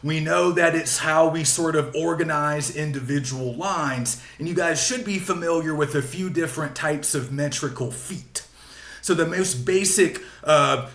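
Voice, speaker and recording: A man's voice: a little high, a bit bright, echoey room. A man giving a patient, explanatory literature lecture, repeating key points and using frequent fillers. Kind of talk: recorded classroom lecture.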